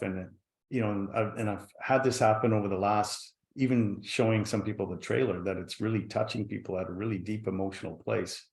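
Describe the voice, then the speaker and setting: A man's voice: fairly low pitch, steady tone, fairly quick, creaky, a little mellow. A man speaking as a guest on a virtual panel, telling a personal story in an earnest, reflective way over a video call. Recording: roomy echo.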